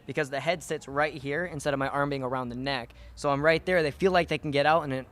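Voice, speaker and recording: Young male fighter, a little high-pitched, matter-of-fact, post-fight interview. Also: steady tone, fast, a bit bright. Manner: plain, matter-of-fact explaining.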